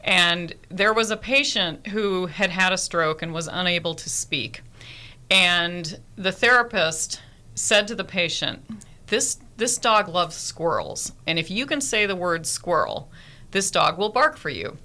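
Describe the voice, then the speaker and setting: A woman's voice: fairly low pitch, expressive, a little slow, pushed and bright. A woman nurse and therapy dog handler telling heartfelt stories in a radio interview, earnest and vivid.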